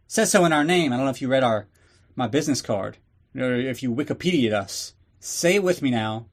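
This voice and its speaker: A man's voice: medium pitch, lively intonation, a little fast. A man hosting a podcast, giving a casual, sarcastic and profane recap of a movie. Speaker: podcast host.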